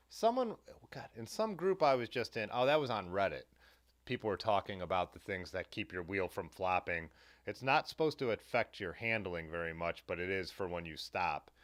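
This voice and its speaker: Man, very low voice, live-stream host, casual rambling chat, reads comments aloud. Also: fairly bright tone. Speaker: livestream host.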